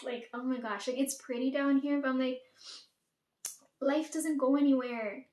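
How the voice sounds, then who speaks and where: A Caribbean storyteller speaks at normal speed in a high-pitched, slightly mellow voice with fairly even intonation. Her casual storytime chat is talkative and profane, heavy on "like" and "right?", with a roomy echo around her.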